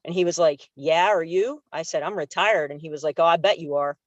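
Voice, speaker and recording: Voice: medium pitch, brisk, no room sound. Public commenter in their 40s, retired officer, chatty retelling over a dull, dry video-call line. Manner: conversational, acts out quoted dialogue, many fillers. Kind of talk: recounting an incident at a public meeting.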